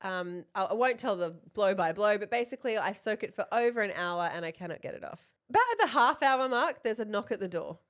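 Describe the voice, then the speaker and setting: An Australian woman in her thirties, a podcast co-host telling a story in casual chat, animated and swearing freely, acting out the dialogue. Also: mid-range voice, brisk, hardly any pauses.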